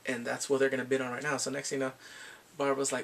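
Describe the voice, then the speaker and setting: A man giving a casual, animated episode recap as a reviewer, acting out scenes as he goes. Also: medium pitch, racing, gravelly, far from the mic. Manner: animated, acts out scenes with laughs. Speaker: show reviewer.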